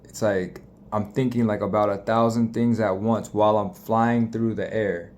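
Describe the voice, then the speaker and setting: A man's voice: lowish voice, level tone, normal speed, a little mellow. A young man casually telling a story, profane and rambling, with frequent restarts.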